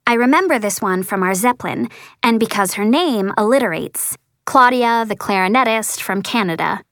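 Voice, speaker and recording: A woman's voice: medium pitch, expressive, moderate pace, fairly bright tone, no echo, clean studio sound. A woman reading a first-person story as an audiobook narrator, earnest and lightly voicing the dialogue.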